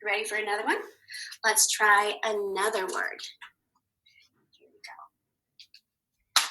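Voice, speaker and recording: Bright-voiced woman teaching phonics. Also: mid-range voice, level tone, low-quality recording. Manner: patient, encouraging, sounds out words slowly. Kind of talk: phonics lesson for young children.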